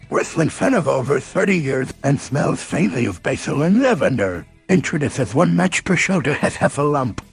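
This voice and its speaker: A man voicing a bouncy robot announcer in a Tigger-like cartoon voice, raspy and hooting. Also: fairly high pitch, heavily acted. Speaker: show announcer.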